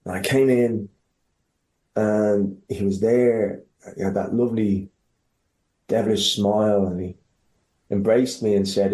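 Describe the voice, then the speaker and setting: A man with an Irish accent, a podcast guest telling stories in casual chat, animated, swearing freely and often restarting his sentences. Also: lowish voice, moderate pace, reverberant. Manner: animated, profane, many restarts. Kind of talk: casual interview storytelling.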